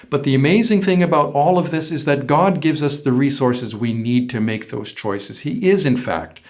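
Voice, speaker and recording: A man who is a pastor, preaching a sermon in a measured way, stressing single words with pauses. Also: mid-range voice.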